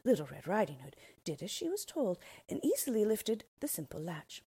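A woman narrating a storybook read-aloud expressively, dipping into soft whispers. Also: medium pitch, huge pitch swings, moderate pace, slightly rough, dry recording.

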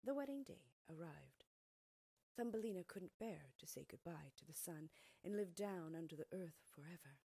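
A woman reading a fairy tale aloud in an expressive way, often dropping to a soft near-whisper, in a husky voice, recorded on a close mic. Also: fairly low pitch, normal speed, no room sound. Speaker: storyteller.

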